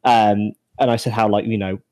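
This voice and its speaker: Casual podcast co-host: man, Shropshire accent, relaxed, jokey delivery. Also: on the low side, normal speed. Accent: Shropshire English. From Shropshire, England. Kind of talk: casual chat.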